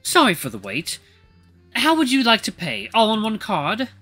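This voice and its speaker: A man's voice: sits high, wildly swooping pitch, normal speed, sharp tone, slightly rough, faint music behind, voice pushed up, full character voice. A man voicing a polite young waiter in a tabletop game, who speaks courteously. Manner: polite, service-like.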